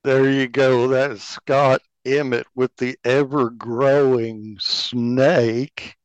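A man's voice: mid-range voice, level tone, slow, smooth, no echo. A man hosting who reminisces casually in a rambling, folksy way. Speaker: host. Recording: dry, dull lo-fi sound.

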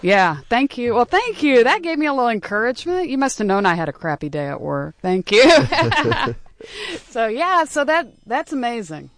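A woman's voice: on the high side, sing-song, moderate pace, no room sound. Woman from Kansas City, casual host. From Kansas City, Missouri. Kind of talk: casual chat.

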